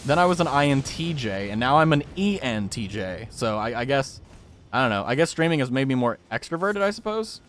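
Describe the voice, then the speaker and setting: A man's voice: medium pitch, very animated, brisk, a bit bright, slight background noise. A young man streaming a game, chatting casually with viewers in a jokey, rambling way and reacting aloud to what happens on screen. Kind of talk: casual gaming stream chat.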